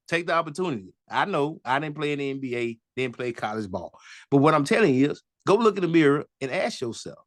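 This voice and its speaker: A man's voice: fairly high pitch, no echo, studio quality. A man in casual sports chat, talking animatedly, repeating himself and laughing at his own jokes. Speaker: podcast co-host.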